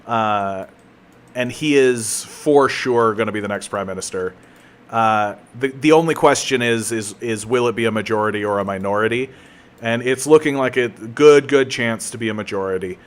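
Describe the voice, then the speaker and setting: A man's voice: mid-range voice, normal speed. A man chatting casually while he streams a game, rambling and joking at his own expense with plenty of restarts. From Canada. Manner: rambling, joking, self-mocking, many restarts.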